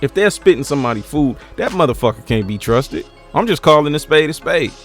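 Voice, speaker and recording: A man's voice: a little high, lively intonation, brisk, fairly bright tone. Blunt, profane man ranting over faint music. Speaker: commentary channel host. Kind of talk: unscripted ranting commentary.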